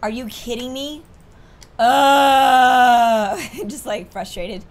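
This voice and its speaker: A woman's voice: a little high, very slow. A young woman hosting a gaming video, reading the game's lines aloud and joking and swearing casually between them. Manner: reads game dialogue aloud, jokey asides, swears casually. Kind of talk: let's play commentary.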